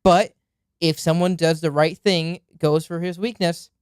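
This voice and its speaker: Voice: medium pitch, fairly even intonation, measured pace, smooth, dry recording, studio quality. A podcast co-host chatting about anime playfully, often slipping into characters' voices. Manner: playful, acts out characters in quotes. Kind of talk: casual anime chat.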